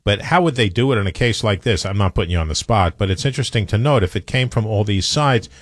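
A middle-aged man hosting a radio show, chatting casually and rambling through quick asides. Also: on the low side, expressive, no room sound, studio quality.

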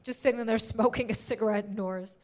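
High-voiced brash woman comedian. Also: fairly quick. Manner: brash, animated storytelling with voiced asides. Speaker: stand-up comedian. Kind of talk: stand-up comedy set.

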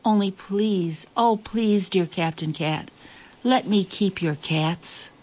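A woman voicing an excitable island queen who gushes in a high, breathless way. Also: measured pace, gravelly, husky, heavily acted. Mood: pleading.

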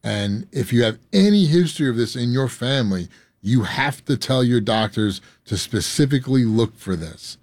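A man's voice: medium pitch, animated, moderate pace, darkish tone, dry recording. A man speaking as a guest on a radio show, earnest, often restarting his sentences. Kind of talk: radio interview.

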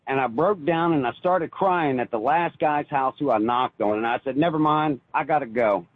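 A man calling in to a radio show, telling a personal religious story in an earnest, halting way with frequent restarts. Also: medium pitch, dry recording. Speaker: caller. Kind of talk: phoned-in personal testimony. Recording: tinny phone line.

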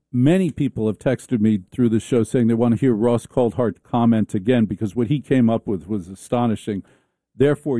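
A man's voice: mid-range voice, mellow, dry recording, studio quality. A man hosting a radio talk show, ranting comically with sarcasm, restarts and stammers. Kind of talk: comic rant monologue.

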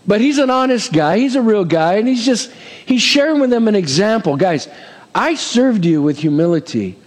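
Male pastor, sermon, animated pitch, slightly high voice, chatty with amen asides, long hall reverb. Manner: conversational preaching with frequent "amen?" asides and humor.

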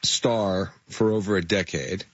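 A man's voice: deep voice, fairly even intonation, unhurried, breathy edge, no room sound, highs cut off. A man being interviewed as an actor guest, telling rambling anecdotes with fillers and laughter. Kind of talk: casual interview storytelling.

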